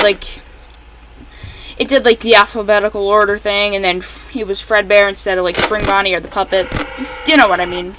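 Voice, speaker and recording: A woman giving casual, rambling commentary while playing a fan game she made, correcting herself often and breaking into excited outbursts at the characters. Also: mid-range voice, slight background noise, low-quality recording. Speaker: fan game creator playing her own game.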